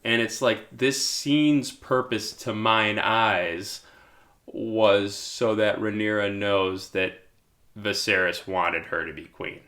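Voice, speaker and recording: A man co-hosting a podcast, recapping a TV episode in casual chat with jokes and quick asides. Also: on the low side, sharp tone. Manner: joking, acts out characters' lines in quick asides. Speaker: podcast co-host.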